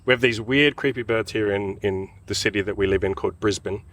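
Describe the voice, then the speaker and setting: Fast, profane man talking in a park. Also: fairly low pitch, fairly bright tone. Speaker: dating coach and podcast host. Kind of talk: casual chat. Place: outdoors in a city park. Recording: distant mic with outdoor ambience. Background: faint park ambience.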